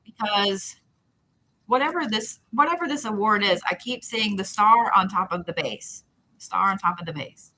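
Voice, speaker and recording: A woman's voice: mid-range voice, animated, moderate pace, pushed and bright, low-quality recording. A woman giving intuitive readings to viewers on a live stream, talking in a rambling, repetitive, chatty way. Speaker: psychic reader.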